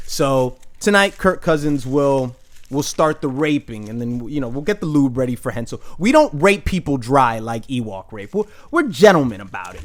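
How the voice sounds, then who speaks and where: A young man hosting a casual fantasy football recap, rambling with frequent restarts and crude jokes. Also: mid-range voice. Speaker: fantasy football league host. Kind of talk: casual trash-talking recap.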